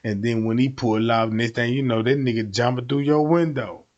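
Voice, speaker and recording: A man's voice: medium pitch, moderate pace, highs cut off. A man livestreaming, telling stories casually in heavy street slang and acting out the voices of the people in them. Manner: animated, acts out voices of people in his stories. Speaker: livestream host.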